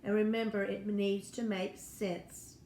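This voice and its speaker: In a mellow, level, mid-range voice that runs a little slow, a teacher guides young children through a first-grade phonics and spelling lesson. She sounds patient and encouraging, recorded in an echoey room with a bit of noise.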